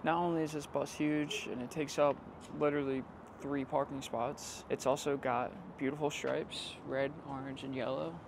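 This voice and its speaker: Guy from the east coast vlogging on the street, punchy and lively, faint traffic behind. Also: medium pitch, normal speed, creaky. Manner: emphatic, lively storytelling with sudden louder bursts. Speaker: vlogger living in a bus. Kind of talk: casual vlog to camera. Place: outdoors in a city street.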